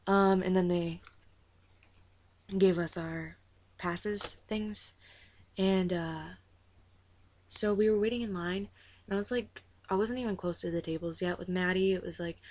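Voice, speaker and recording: A woman telling a story to camera in a rambling, excitable way, full of "like" and "uh". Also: lowish voice. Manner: rambling, heavy use of "like" and "uh"; excitable, gushing. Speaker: vlogger recounting a concert meet-and-greet.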